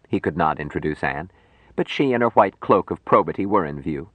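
A man reading an audiobook in scripted narration, measured and even. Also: deep voice, no echo.

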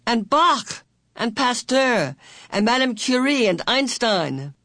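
Reader doing a little know-it-all boy, intense and emphatic, raised pitch, dry close sound. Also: sing-song, slow, bright, forceful tone, no echo, heavily acted. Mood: passionate. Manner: passionate, emphatic. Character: small precocious boy, intense and passionate. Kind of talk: audiobook character voice.

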